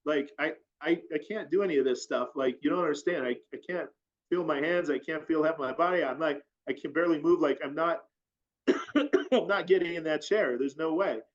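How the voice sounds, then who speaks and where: A man's voice: fairly high pitch, fairly quick. A man telling a long personal story as an interview guest, rambling and full of fillers. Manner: rambling, filler-heavy, animated retelling. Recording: dull lo-fi audio.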